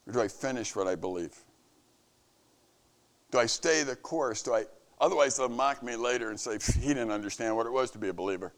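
The camp leader, a man, preaches an earnest devotional message to the camp staff. His emphasis and pitch rise and fall as he speaks.

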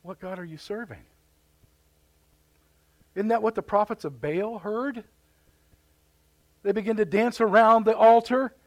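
High-voiced fervent male preacher. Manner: fervent, repeats words as he builds. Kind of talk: live sermon. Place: church sanctuary.

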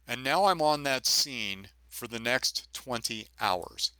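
A middle-aged retired police officer, a podcast guest, earnestly recounts his own experience in vivid storytelling full of emphatic repetition. His medium-pitched voice is slow, expressive, bright, forceful, and clean, with no echo.

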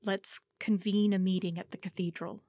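A dutiful middle-aged lord answers quietly and respectfully in a dry, close recording, as a woman reading a story voices him. He speaks with restraint and duty. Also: mid-range voice, flat delivery, normal speed, no echo, natural voice. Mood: subdued.

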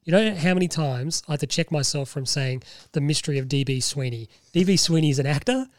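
A man co-hosting a casual podcast chat, telling stories and quoting scenes with lively energy. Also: on the high side, quick pace, no echo. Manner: animated storyteller, quotes scenes in put-on voices. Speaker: podcast co-host.

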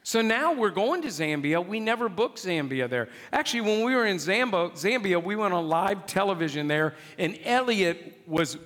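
Man, pastor, animated sermon storyteller with a wide-ranging delivery; church hall echo. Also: high voice, moderate pace, hardly any pauses. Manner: animated, exclaiming, dramatic retelling. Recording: long hall reverb.

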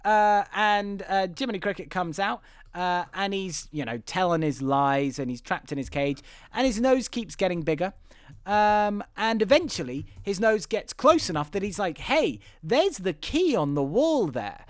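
Animated man ranting about a film. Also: high-pitched, moderate pace, clean tone, dry recording, clean studio sound. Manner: animated, swears, swings to loud emphatic outbursts. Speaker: podcast co-host. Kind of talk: casual film review chat.

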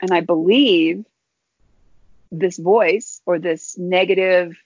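A woman guest telling a personal story in an earnest, halting way, often restarting her phrases. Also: fairly low pitch, dry recording. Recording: dull lo-fi dry recording.

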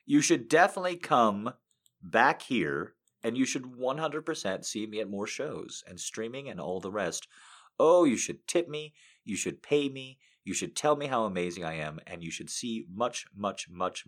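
A man hosting a live show, reading a story aloud and then chatting casually, animated and swinging between hushed and loud. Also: medium pitch. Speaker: reader and live show host.

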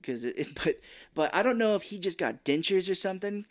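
A man's voice: high-pitched, a little fast. A man co-hosting a film podcast, chatting casually and acting out scenes as he retells them. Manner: animated, retells scenes in voices. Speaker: podcast co-host.

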